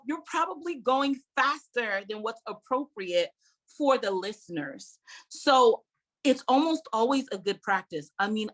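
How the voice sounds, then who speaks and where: Lively middle-aged woman teaching public speaking. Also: a little high. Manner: lively, conversational, repeats key points with emphasis; laughs between points, addresses viewers directly. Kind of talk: online workshop lecture.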